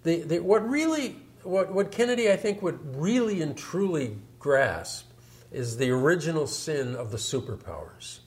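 A man's voice: fairly high pitch, big pitch swings, moderate pace. A man talking through history in an emphatic, storytelling way. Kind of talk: explanatory discussion.

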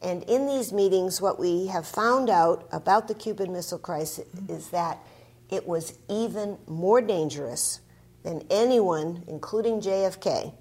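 A woman scholar explains her research in a measured, academic way. Her voice is fairly low for a woman. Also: vocal fry, darkish tone, husky. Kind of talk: explanatory discussion.

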